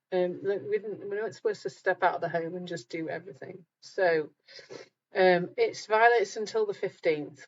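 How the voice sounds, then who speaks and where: A woman's voice: lowish voice, highs cut off, slight background noise. A middle-aged woman hosting a live group talk, chatting casually with viewers, reading out their comments and laughing at herself.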